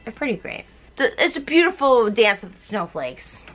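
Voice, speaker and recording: Brief: tipsy young woman comic narrator, high and bright, giggly, does voices. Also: moderate pace. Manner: giggly, animated, voices the characters. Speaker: host. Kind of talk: tipsy comedic retelling.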